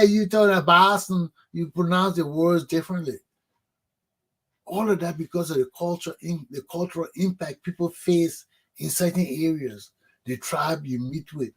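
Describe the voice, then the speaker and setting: Husky Liberian man, emphatic talk host. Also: a little high, mellow. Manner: emphatic, preachy, repeats phrases. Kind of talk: animated opinion monologue.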